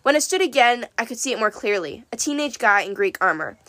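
A woman narrating a first-person story in a wry, lively way. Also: a little high, a little fast, dry recording. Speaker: audiobook narrator.

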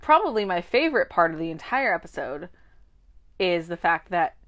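A woman's voice: on the low side, moderate pace. A young woman co-hosting a podcast, chatting casually and acting out characters' lines as she recaps a TV show. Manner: animated, acts out characters' lines. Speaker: podcast co-host.

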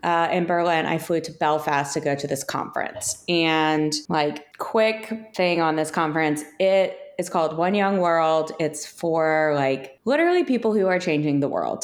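A woman's voice: sits low, normal speed, few pauses. A woman in her thirties co-hosting a podcast, telling a story in casual chat and acting out the quoted lines. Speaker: podcast co-host.

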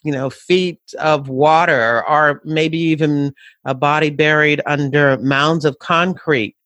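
Male interviewer, slightly high pitch, dry recording, chatty and repetitive phrasing. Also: steady tone, slow pace, fairly bright tone, dry recording. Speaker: podcast host. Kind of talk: interview questions.

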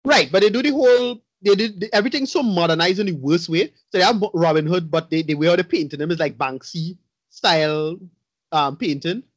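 Man, slightly high voice, blunt and profane, rambling movie review chat, dry close sound. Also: brisk, no echo.

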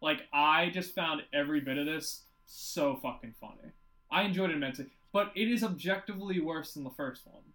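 A young man with a fairly high voice recapping a film in a loose, rambling way. He swears freely and talks in animated bursts. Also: brisk, poor audio. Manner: animated, profane, rambling retelling. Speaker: podcast co-host. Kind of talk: casual movie-review chat.

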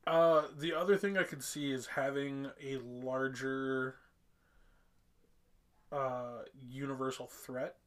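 A man in a casual talk about a TV series, musing in a halting way with many fillers. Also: medium pitch, fairly even intonation. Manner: halting, uses many fillers while he muses.

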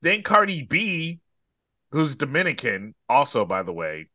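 A man's voice: fairly high pitch, wildly swooping pitch, unhurried, sharp tone, no echo. A man chatting casually on a comedy podcast, easygoing and laughing often as he tells a story. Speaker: podcast guest.

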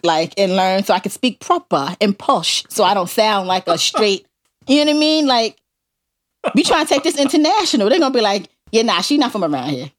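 A woman's voice: medium pitch, lively intonation, normal speed. A woman from Harlem with a thick New York accent, co-hosting a podcast and ranting emphatically in casual chat. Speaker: podcast co-host.

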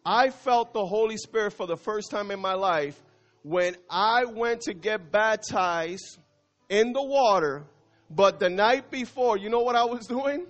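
A man preaching a passionate sermon as pastor, swinging between loud and hushed and dropping in Spanish phrases. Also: high voice, expressive, a little slow, soft background music.

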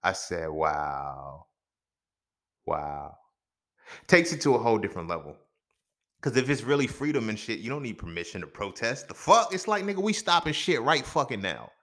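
A man's voice: on the low side, big pitch swings, normal speed, fairly bright tone. A young man hosting a podcast alone, talking bluntly and profanely in a casual, conversational storytelling way. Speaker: podcast host. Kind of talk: casual solo commentary.

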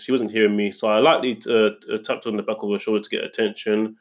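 A man's voice: fairly low pitch, level tone, fast talker. A young man in casual chat, telling a story indignantly and rambling, with many restarts. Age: young adult.

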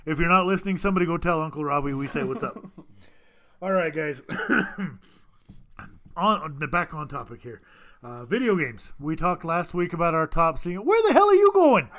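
Bright high guy hosting a chatty podcast, kinda rambly, laughs a lot. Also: lively intonation, normal speed. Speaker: podcast host. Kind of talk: casual chat.

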